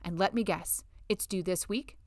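A woman's voice: lowish voice, moderate pace, no room sound, studio quality, natural voice. A woman voicing a young female grad student who stays carefully polite and restrained. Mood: firm.

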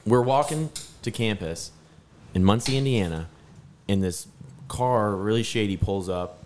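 Lower-voiced man telling rambling stories. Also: a little slow, darkish tone, a little hiss or hum. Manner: rambling, laughing storyteller. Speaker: podcast co-host. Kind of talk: casual storytelling chat.

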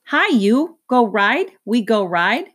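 A woman's voice: on the high side, very animated, takes it slowly, fairly bright tone, voice pushed up, exaggerated voice. Boots, a woman doing a babbling toddler. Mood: excited. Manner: babbling in short, simple words. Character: cheerful babbling toddler girl.

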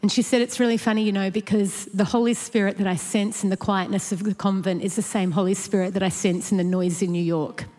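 Animated woman telling a church story. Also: medium pitch, brisk, few pauses, in a large hall. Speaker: church speaker sharing a story. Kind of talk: storytelling talk.

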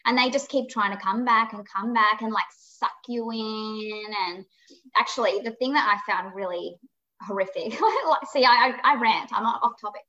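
A woman with a fairly high, bright voice tells her story as a podcast guest. She is frank and emphatic, swears freely and acts out past conversations. The audio is dull and lo-fi. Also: moderate pace. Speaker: podcast guest, psychic medium.

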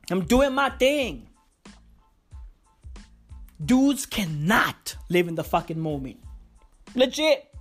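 A woman on a comic rant, slangy and profane, repeating lines for effect. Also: fairly high pitch. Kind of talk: comedic rant.

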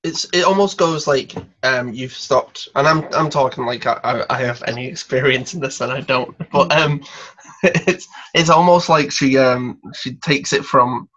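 A man's voice: mid-range voice, measured pace, fairly bright tone. A man hosting a casual podcast interview, asking questions in a hesitant, chatty way. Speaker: host. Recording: dull lo-fi recording.

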